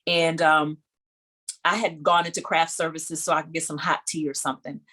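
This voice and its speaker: Animated woman telling a story. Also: low voice, moderate pace. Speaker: singer and podcast guest. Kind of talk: casual storytelling interview.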